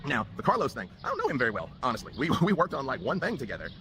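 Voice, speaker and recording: A man's voice: mid-range voice, huge pitch swings, very fast, sharp tone, soft background music. A man in a played clip bitterly recounting a personal dispute and a hard year.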